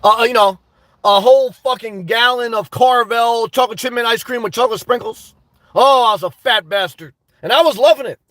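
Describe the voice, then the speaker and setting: A man with a very high voice talks straight into a laptop mic on a home livestream. He is animated and swears freely, and he breaks into loud outbursts. The sound is dry and close. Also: a little fast, dry recording. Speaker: livestream host. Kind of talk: casual livestream monologue.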